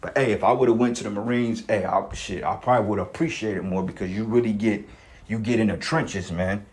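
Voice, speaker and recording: A man with a lowish voice reads news aloud and breaks off to comment. His asides ramble in a streetwise way and are full of swearing. He often repeats words and restarts his sentences. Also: fairly quick, darkish tone. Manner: profane, rambling, streetwise talk.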